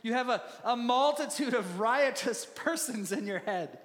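Man acting out Jesus, urgent, near shouting, high bright voice. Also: animated, measured pace, in a large hall, full character voice. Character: urgent male preacher's voice of Jesus.

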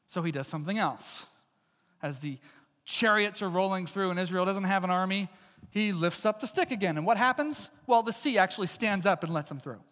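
A man's voice: high-pitched, sharp tone, in a large hall. A man preaching a sermon as pastor, emphatic and repeating lines for stress.

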